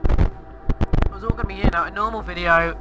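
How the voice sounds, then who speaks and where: A man's voice: sits high, steady tone, moderate pace, over loud music, rough recording. A man commenting on Minecraft gameplay in a flustered, exclaiming and rambling way. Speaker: gamer.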